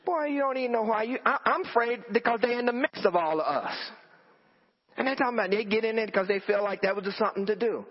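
A man preaching a storytelling sermon to a congregation, animated and repeating phrases for emphasis. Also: high-pitched, quick pace. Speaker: pastor. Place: church in front of a congregation. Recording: dull lo-fi audio with long hall reverb.

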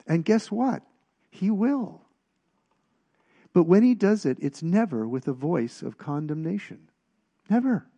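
Gravelly-voiced man preaching conversationally. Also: on the high side, very animated, measured pace, long pauses, warm tone, dull audio. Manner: conversational, emphatic, asks the audience questions. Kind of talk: sermon.

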